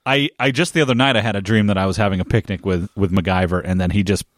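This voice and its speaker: A man's voice: sits low, steady tone, quick pace, no room sound, clean studio sound. A man co-hosting a podcast, chatting casually and joking about the episode. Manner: joking, laughs easily. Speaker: podcast co-host. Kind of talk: casual chat.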